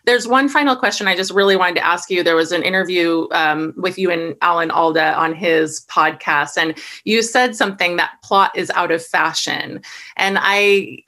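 A woman's voice: medium pitch, sharp tone. A woman hosting a book festival interview, asking questions in an affirming, hesitant way. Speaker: interviewer host. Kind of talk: conversational interview.

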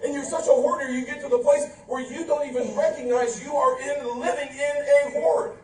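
A male pastor preaching a lively sermon, playful and animated, acting out quotes, in a church sanctuary. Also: very high-pitched, moderate pace, distant mic. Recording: roomy church from afar.

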